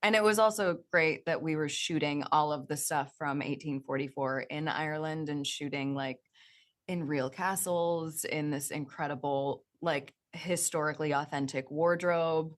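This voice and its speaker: Young actress being interviewed, low voice, upbeat and chatty. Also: female voice, moderate pace. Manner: animated, enthusiastic. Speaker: actress guest. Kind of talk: interview answers.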